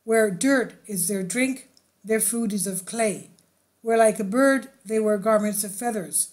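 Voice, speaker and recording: A woman reading an ancient epic aloud in slow, measured recitation, with solemn repeated lists. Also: mid-range voice, a little mellow. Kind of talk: scripted narration.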